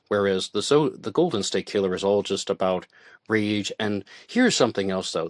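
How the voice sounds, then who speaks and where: A man's voice: deep voice, no echo, studio quality. A man hosting an online radio show, talking through true-crime commentary in a conversational way, with fillers and restarts. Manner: conversational, with fillers and self-corrections. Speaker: host.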